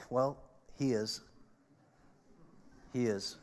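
A man's voice: mid-range voice, moderate pace. Earnest male pastor in a reverberant hall. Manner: earnest, swings between emphatic peaks and quiet asides. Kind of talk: sermon. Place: church sanctuary. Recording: long reverb of a large hall.

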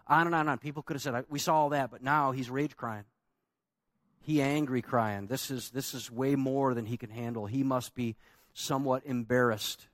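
A man's voice: mid-range voice, steady tone, moderate pace, fairly bright tone, no echo. A man preaching a sermon as pastor, emphatic and conversational, asking the congregation rhetorical questions.

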